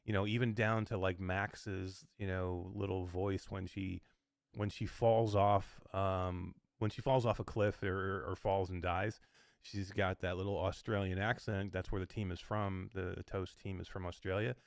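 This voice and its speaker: Low-voiced man, rambling podcast chat. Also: flat delivery, unhurried, gravelly, no echo, clean studio sound. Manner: rambling, with filler words like "like" and "you know". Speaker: podcast co-host. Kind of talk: casual game review chat.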